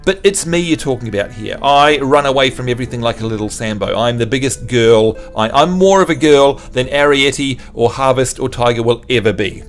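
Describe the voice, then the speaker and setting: A man's voice: mid-range voice, fairly quick, few pauses, soft background music. A man from New Zealand livestreaming a game, chatting in a jokey, self-mocking way with his viewers. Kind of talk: casual chat with viewers.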